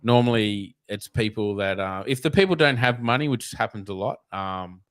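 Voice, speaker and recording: A man's voice: fairly low pitch, moderate pace, no echo. An Australian man, a snake catcher guest, telling blunt, profane, rambling stories in a casual interview.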